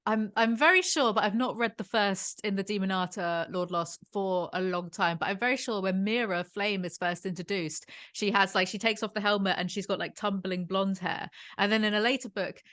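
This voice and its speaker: A woman's voice: mid-range voice, normal speed, hardly any pauses, fairly bright tone. A young woman hosting an interview, chatty and thinking aloud with "like" and "sort of" while posing questions to a guest. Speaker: host.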